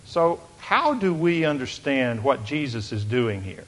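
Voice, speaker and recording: A male pastor preaching a sermon, swinging from loud emphatic declarations down to hushed, quiet asides. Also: medium pitch, sing-song, unhurried, few pauses.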